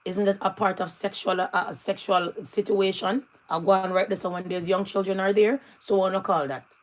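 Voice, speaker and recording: A woman's voice: mid-range voice, fairly even intonation, moderate pace, rough recording. A woman with a Jamaican accent giving live stream commentary, firing off pointed rhetorical questions.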